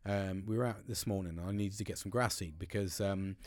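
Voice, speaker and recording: Male podcaster, casual rambling monologue, sweary, slightly low voice, dry. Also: fairly quick, darkish tone, dry recording. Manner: rambling, sweary, many restarts. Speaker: podcast host.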